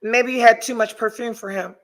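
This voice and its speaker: Speaking a little fast in a steady tone, a woman with a fairly high voice hosts a podcast. She chats casually, curses through a story, and reads her viewers' live chat comments.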